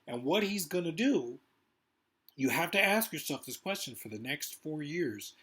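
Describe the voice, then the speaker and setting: A male vlogger delivers a rambling, profane political rant, talking fast. His voice is a little high, expressive, a bit bright, and slightly rough.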